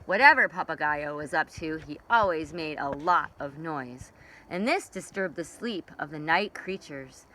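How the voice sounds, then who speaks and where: Bright, expressive woman reading a storybook to kids, lively rises and falls, faint noise. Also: low-pitched, measured pace, low-quality recording. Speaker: children's librarian. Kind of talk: reading a picture book aloud.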